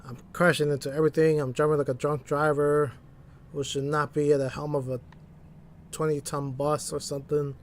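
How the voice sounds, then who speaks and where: A man's voice: fairly high pitch, level tone, brisk, slight background noise. A man streaming a driving game, rambling and mocking himself, laughing often at his own mistakes, talking into a desk mic. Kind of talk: casual gameplay commentary.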